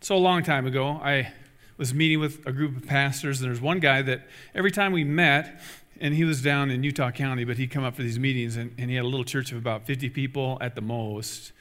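Middle-aged male pastor, earnest exhorting sermon, mid-pitched voice, long church reverb. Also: a little fast, a bit bright. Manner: earnest, exhorting, repeats key phrases. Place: church sanctuary.

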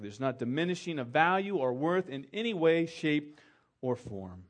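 A middle-aged pastor delivers a sermon like he's telling a story over coffee, voicing the people he quotes and going quiet to drive points home. His mid-range voice is very animated and moves at a moderate pace.

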